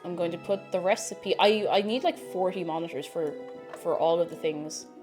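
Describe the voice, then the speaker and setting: A woman's voice: lowish voice, normal speed, music in the background. A woman with an Irish accent, chatty and self-mocking, thinking aloud as she cooks on a stream in her home kitchen. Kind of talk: casual cooking stream chat.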